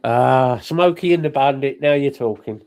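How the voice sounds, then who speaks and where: A man from Britain co-hosting a casual podcast, teasing his friends with quick banter. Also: mid-range voice, creaky, darkish tone, clean tone. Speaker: podcast co-host. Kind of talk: casual chat.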